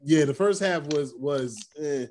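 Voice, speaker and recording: A man co-hosting a casual sports podcast, telling animated stories and acting out what people said. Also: on the high side, unhurried. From Brooklyn. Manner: animated storytelling, acting out quotes. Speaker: podcast co-host.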